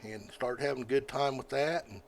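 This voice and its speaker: An older man, a podcast guest telling stories in a folksy, rambling way, often halting with fillers. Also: mid-range voice, slight background noise. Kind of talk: casual storytelling.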